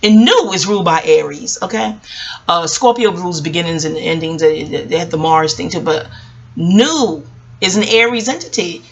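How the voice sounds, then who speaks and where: A woman's voice: fairly low pitch, animated, normal speed, highs cut off. A woman from New York with a New York accent, an astrologer rambling casually to her viewers, digressive and chatty, calling them y'all. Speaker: astrologer and vlogger.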